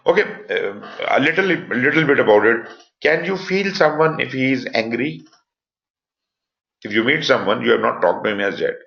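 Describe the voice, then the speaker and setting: A man's voice: mid-range voice, animated, normal speed, creaky, fairly bright tone. Pakistani-accented man teaching online, lo-fi audio. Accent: Pakistani English. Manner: explanatory, stresses points with voice inflections. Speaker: instructor. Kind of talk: live online lecture. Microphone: computer mic for online class.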